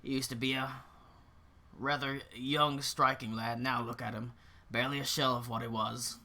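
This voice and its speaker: Man doing a weary tavern bartender, friendly, resigned, bright voice. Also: mid-range voice, steady tone, moderate pace, vocal fry.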